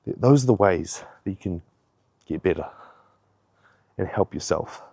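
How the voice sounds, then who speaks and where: A man's voice: sits low, animated, unhurried, creaky, dark tone, slightly rough, no room sound, clean studio sound. A young man giving a rambling, heavily profane pep talk in a casual vlog, a little out of breath. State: slightly out of breath. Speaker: fitness vlogger.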